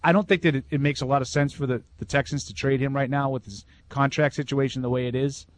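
A man's voice: medium pitch, steady tone, quick pace. A man with a Boston accent, co-hosting a sports talk radio show and giving opinions in casual chat. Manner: opinionated, thinks aloud with restarts.

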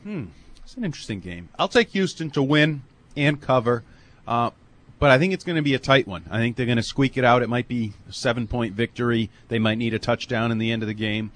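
Brief: mid-pitched male panelist, measured reasoning, casual sports talk. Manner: reasoned, trails off quietly at phrase ends. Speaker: football picks panelist.

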